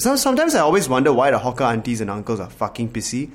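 A man's voice: medium pitch, big pitch swings, racing, few pauses. A man in a casual podcast chat, talking animatedly, swearing often and acting out other people's voices.

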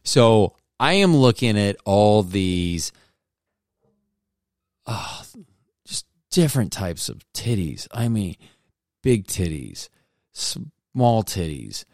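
A man's voice: on the low side, big pitch swings, slow pace, long pauses, darkish tone, dry recording, studio quality. A man hosting a podcast, telling a casual comedic story in a rambling way, often breaking off and restarting his sentences. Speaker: podcast host.

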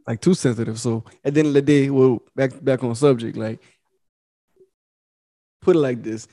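A man's voice: mid-range voice, fairly even intonation, normal speed, mellow. Laughing man telling loose stories. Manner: loose, laughing storyteller, acts out quoted voices. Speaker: podcast co-host. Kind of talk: casual podcast chat.

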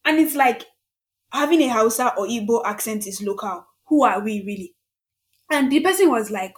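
A young woman talks in a casual podcast chat. Her voice sits fairly high, and she presses her points hard, repeating them for stress. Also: expressive, moderate pace. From Nigeria. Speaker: podcast co-host.

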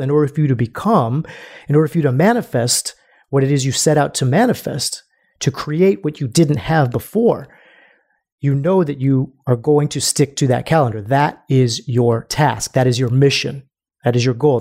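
A man talking as a life coach on a motivational podcast, animated and casual, calling the listener bro. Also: mid-range voice. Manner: animated, calls the listener bro, acts out the whiny inner voice.

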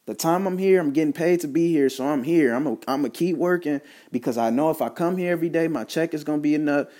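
A man's voice: on the high side, fast, dark tone. Man giving a casual motivational talk. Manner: repetitive, stumbling restarts, preachy asides.

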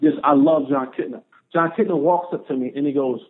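A man, a former football player, telling a story as a podcast guest, animated and repeating phrases for emphasis. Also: a little high, brisk. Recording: tinny phone-line audio.

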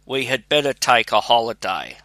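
A man voicing a clever, patient young scholar talking to his father in a read-aloud fairy tale, calm and reassuring. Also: mid-range voice, normal speed, dry recording.

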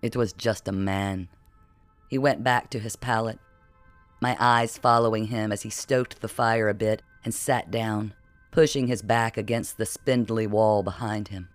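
A man reading the lines of a strange ageless boy who talks in a crisp, odd accent and an unsettling matter-of-fact way, in an audiobook. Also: on the low side, fairly even intonation, a little slow, dry recording, faint music behind, lightly acted. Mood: storytelling.

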